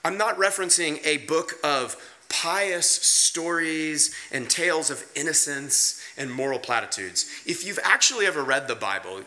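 A pastor preaching a sermon in a conversational, emphatic way, asking rhetorical questions and swinging his pace and pitch for emphasis. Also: expressive, moderate pace, sharp tone.

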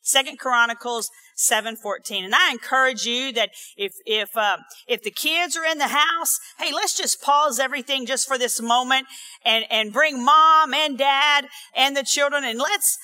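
A woman pastor giving an earnest, encouraging sermon in an empty auditorium, reading scripture slowly and repeating key words for emphasis. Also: sits high, sharp tone.

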